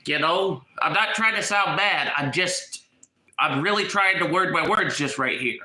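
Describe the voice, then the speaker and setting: A man talking in a casual vlog with a blocked, congested nose. His voice sits high for a man and sounds very bright and sharp, with an echoey room around him. He is agitated, and he repeats himself as he hunts for his words. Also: unhurried. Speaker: YouTuber.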